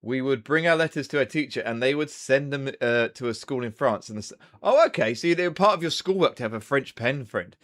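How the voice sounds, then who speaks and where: A man's voice: mid-range voice, expressive, brisk, hardly any pauses, a bit bright. A young man hosting a casual live stream, chatting loosely with viewers and swearing now and then. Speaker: livestream host.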